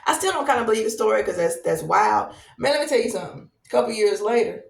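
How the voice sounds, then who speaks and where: A woman in her thirties, a podcast host telling a long personal story in a casual, animated way, repeating herself as she goes. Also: mid-range voice, creaky. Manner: animated, conversational, drawn-out repetitions. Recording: roomy echo, distant from mic.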